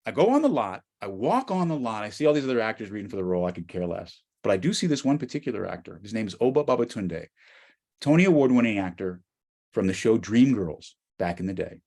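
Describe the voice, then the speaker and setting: A middle-aged man with an American accent, giving an animated storytelling talk as a guest speaker. He swings from quiet asides to near-shouts. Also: on the low side, quick pace. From United States.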